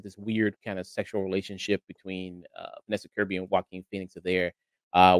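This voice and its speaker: A man's voice: on the low side, no room sound. A man hosting a casual review chat, talking in a rambling way with lots of hesitant fillers. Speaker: podcast host.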